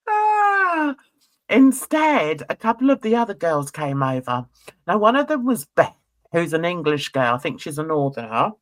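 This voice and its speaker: A woman's voice: sits low, big pitch swings, measured pace. A woman reviewing a reality TV show in casual commentary. She sounds gossipy and blunt, laughs often, and uses cheeky slang.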